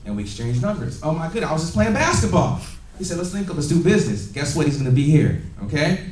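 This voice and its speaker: A high-voiced man leads a lively business training, laughing and drawing answers from his listeners. His voice carries through an echoey meeting room and sounds distant from the mic. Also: fast. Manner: energetic, laughing, call-and-response with audience. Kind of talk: motivational training talk. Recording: echoey room, recorded from afar.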